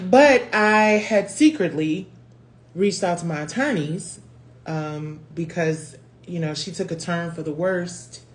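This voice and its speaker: A woman hosting her own livestream, talking candidly and emotionally, swearing casually and calling her viewers y'all. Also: low voice. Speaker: host. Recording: faint background noise.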